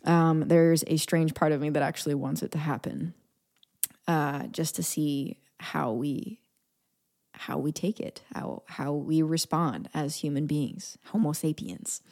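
Low-voiced woman chatting playfully. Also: fairly even intonation, measured pace, darkish tone. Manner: playful, laughs often, drops into whispers for asides. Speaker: podcast host. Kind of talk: casual solo podcast chat.

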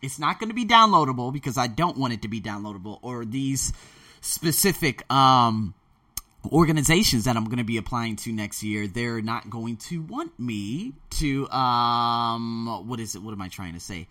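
A man talking in a casual, rambling monologue, excitable and often losing his thread before starting over. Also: mid-range voice, normal speed. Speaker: podcast host preparing a talk.

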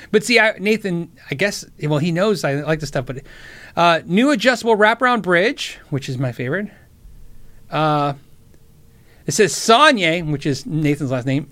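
A man hosting his own show in a casual livestream chat, excitable and stammering, often restarting his sentences. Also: high-pitched. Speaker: show host.

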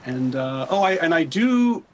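A man's voice: on the high side, sing-song, a little slow, noisy background. A man voicing a cheerful, friendly radio host on a boat, talking with frequent restarts, in an improvised audio comedy. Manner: friendly, hesitant, lots of restarts.

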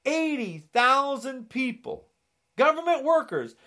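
A man's voice: extremely high pitch, sing-song, slow, pushed and bright. A man delivering an angry political rant, sarcastic and indignant, often mocking.

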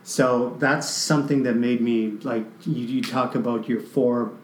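A man from Canada recounts a deeply personal story, his voice halting and full of restarts as emotion comes through. His pitch sits in the middle range. The recording has a noticeably echoey room sound. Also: steady tone, a little hiss or hum.

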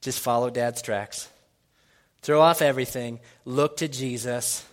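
A pastor preaching a sermon in a church, swinging from hushed, intimate lines to loud, excited shouting. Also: male voice, medium pitch, unhurried, big-room sound. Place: church sanctuary.

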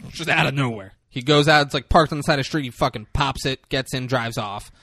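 A man's voice: medium pitch, brisk, bright, forceful tone, dry recording, studio quality. A man co-hosting a podcast, casually and profanely retelling a film's plot and slipping into voices for its characters. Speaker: podcast co-host recapping a movie. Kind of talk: casual chat.

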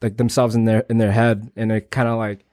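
A man's voice: lowish voice, level tone, a little fast, mellow, no echo, studio quality. A young man on a podcast panel, speaking bluntly with slang and swearing. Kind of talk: casual panel chat.

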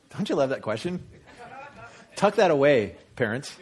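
A man preaching a sermon, animated and storytelling, acting out voices with big jumps in pitch. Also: normal speed, pauses often. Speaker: pastor.

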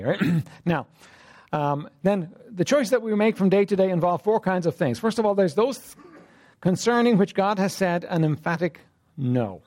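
Animated high-pitched male preacher. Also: moderate pace. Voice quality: frequent throat clearing. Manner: conversational preaching with frequent "right?" and "you know what?". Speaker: pastor. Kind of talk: sermon.

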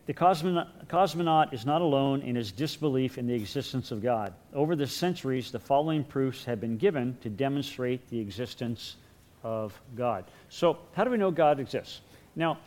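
A man's voice: mid-range voice, darkish tone. A man teaching a Bible class in a conversational lecture, with repeated words and light chuckles.

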